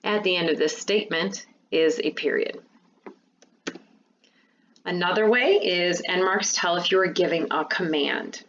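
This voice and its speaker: A woman teacher giving a remote lesson to fifth and sixth graders, explaining patiently and clearly. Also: on the low side, measured pace, long pauses, a bit bright, muffled recording, a little hiss or hum.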